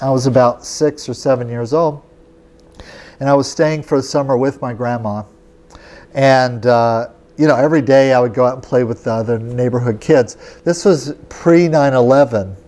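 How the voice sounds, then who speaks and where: A man's voice: mid-range voice, moderate pace, darkish tone. A man, a yoga teacher, telling a personal story in a casual, chatty lecture, often checking in with his listeners.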